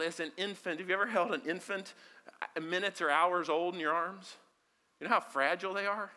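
High, bright-voiced male pastor preaching. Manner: swings from hushed near-whispers to shouted emphasis; leads the congregation in call-and-response. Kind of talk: sermon. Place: church service before a congregation.

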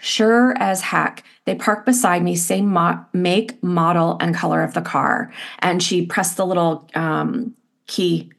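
A middle-aged woman, an interview guest, telling a personal story in an animated, expressive way with lots of "like" fillers. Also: lowish voice, slow pace, gravelly.

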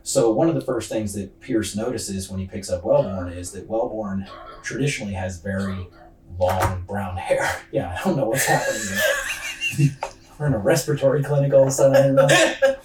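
A man's voice: fairly low pitch, brisk, noisy background. A man hosting a podcast who tells a true-crime story casually, with loose slang and a lot of fillers. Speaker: podcast host. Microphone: laptop's built-in mic. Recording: distant roomy computer-mic recording.

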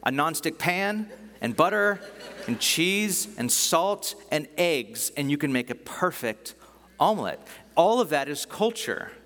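A pastor with a fairly bright, sing-song voice on the high side preaches unhurriedly. His sermon is conversational and enthusiastic, though he often restarts sentences, and the recording carries a long hall reverb.

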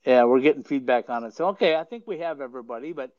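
A man's voice: mid-range voice, racing, dry recording. A man hosting a podcast who chats and tells stories casually, rambling and often chuckling mid-sentence. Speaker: podcast host. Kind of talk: casual storytelling chat. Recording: dull lo-fi dry sound.

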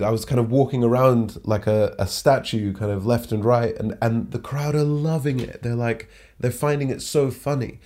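A man, a stand-up comedian, recounting a story in a loose, conversational way. He switches into higher, sillier voices whenever he quotes himself or others, which keeps the telling animated. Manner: animated, jumps pitch to act out quoted lines. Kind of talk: casual anecdotal storytelling.

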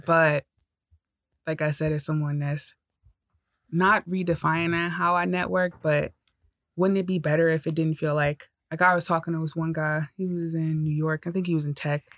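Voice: medium pitch, flat delivery, normal speed, fairly bright tone, no echo, clean studio sound. A podcast co-host in casual chat, talking in long rambling turns and laughing easily.

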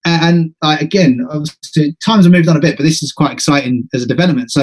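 Podcast host in his thirties, male, chatty storyteller who laughs at himself, voice sits a touch high. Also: fast talker. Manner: chatty, self-deprecating, laughs while telling stories. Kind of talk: casual storytelling chat.

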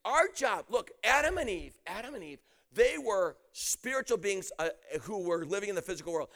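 High, animated gravelly preacher man. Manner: animated, often shouting, acts out quotes and laughs. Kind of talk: energetic storytelling sermon.

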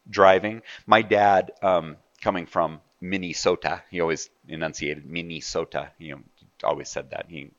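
A man's voice: deep voice, dry recording, dull audio. A man preaching a sermon in a conversational way, asking his listeners rhetorical questions. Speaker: pastor.

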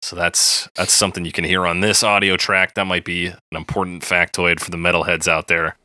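A man's voice: deep voice, fairly quick, no room sound, clean studio sound. A man co-hosting a music review podcast, chatting casually with lots of fillers. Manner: relaxed, chatty, many fillers. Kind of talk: casual chat.

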